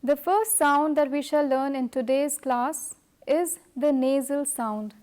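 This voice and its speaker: A middle-aged woman teaching a scripted French lesson, speaking in a slow, careful, measured way. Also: sits high, a little mellow.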